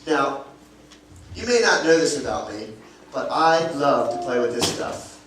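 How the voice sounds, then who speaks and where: A man's voice: mid-range voice, very animated, a little slow. A male pastor giving a playful children's sermon, asking the kids questions as he shows them props. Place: church sanctuary. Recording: very echoey church hall from a distance with room noise.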